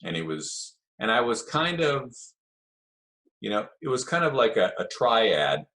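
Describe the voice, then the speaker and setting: A man's voice: medium pitch, big pitch swings, measured pace, a bit bright. An older man, a podcast guest, telling long anecdotes in a casual interview and acting out what others said. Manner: rambling anecdotes with acted quotes.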